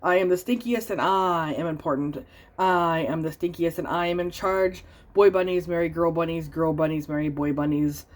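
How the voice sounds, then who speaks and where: A booming, pompous male stink bug from a storybook, drawing out each word slowly and loudly to lay down his rules, as a woman reads him. His voice sits low. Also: fairly even intonation, close to an everyday voice. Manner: slow, loud, booming.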